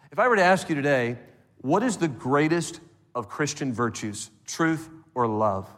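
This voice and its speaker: A man preaching a sermon as pastor, animated and acting out little scenes for the congregation. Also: on the high side. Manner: animated preaching with acted-out voices. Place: church sanctuary. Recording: long reverb of a church hall.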